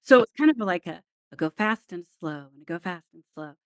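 A woman with a fairly low-pitched voice tells an anecdote on a podcast. She throws herself into it and acts out the lines of everyone in the story. The sound is close and dry, with no room around it. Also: brisk, smooth, no room sound. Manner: animated storyteller acting out dialogue. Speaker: guest, former TV crew member.

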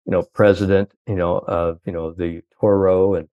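A man's voice: sits low, level tone, normal speed, no echo, lo-fi sound. An older man, a sports psychologist, telling long rambling anecdotes full of "you know".

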